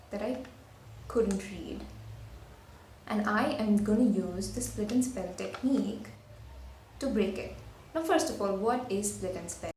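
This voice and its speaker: Woman teacher, patient and unhurried, sounds out syllables for kids; echoey room, faint hiss. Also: mid-range voice, a little mellow. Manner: patient, explains step by step, sounds out syllables slowly. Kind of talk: spelling lesson for children.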